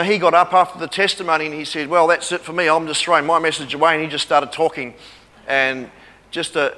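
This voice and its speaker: A man's voice: fairly high pitch, bright, forceful tone. A man preaching a sermon with testimony, earnest, repeating phrases and calling for amens. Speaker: pastor. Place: church hall. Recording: echoey hall reverb.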